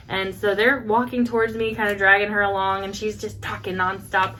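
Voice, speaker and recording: A woman in her thirties co-hosting a podcast, telling a story in a lively chat and acting out the voices of the people in it. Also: medium pitch, fairly quick, hardly any pauses. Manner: animated storyteller, acts out quotes with laughs. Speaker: podcast co-host. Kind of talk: casual chat.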